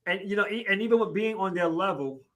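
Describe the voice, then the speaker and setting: A middle-aged man talking casually and bluntly as a podcast guest, animated and quick to laugh. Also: high voice, slight background noise. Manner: blunt, animated, laughs and shouts while telling stories. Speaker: podcast guest, youth worker. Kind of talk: casual chat.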